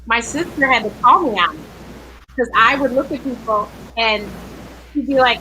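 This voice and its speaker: Bright-voiced woman host. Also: fairly high pitch, moderate pace, a little hiss or hum, low-quality recording. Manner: chatty, relaxed storytelling. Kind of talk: casual interview chat.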